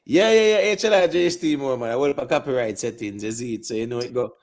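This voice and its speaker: A laid-back man with a Jamaican accent talks through a live-stream panel discussion. His voice sits at an ordinary middle pitch, and he keeps things loose, padding his points with "you know" and "man" as he goes. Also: fast talker. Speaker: panel host. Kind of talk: casual live-stream chat.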